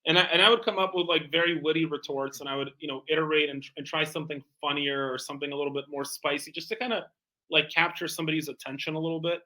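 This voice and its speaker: A man speaking at a fast clip with a bright, forceful tone that sits a little high. He tells sales stories as an interview guest with a salesman's energy, leaning on plenty of fillers. His voice stays punchy and quick. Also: low-quality recording. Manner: lively salesman telling anecdotes with lots of fillers. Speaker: guest, bespoke tailor and entrepreneur. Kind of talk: animated storytelling in conversation.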